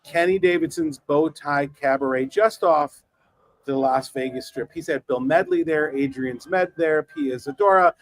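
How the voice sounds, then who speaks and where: A man's voice: on the high side, a little slow, poor audio. A man from Wisconsin co-hosting and producing a podcast, jokey and showman-like, with emcee-style introductions.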